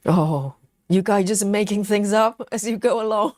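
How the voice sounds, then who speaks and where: A woman's voice: mid-range voice, normal speed, darkish tone, no room sound, clean studio sound. A woman hosting a live stream, chatting casually and reading viewer comments aloud, teasing them playfully and laughing often.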